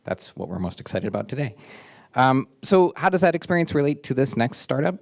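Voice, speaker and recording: A man's voice: mid-range voice, sing-song, fairly quick, gravelly. A man introducing the next speaker at an event, hesitant and full of ums and uhs.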